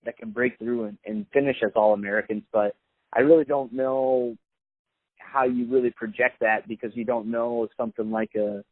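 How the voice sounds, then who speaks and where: A man's voice: medium pitch, fairly even intonation, normal speed, no room sound. A man hosting a podcast, talking casually with many fillers and restarts. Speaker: podcast host. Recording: phone-like, dry sound.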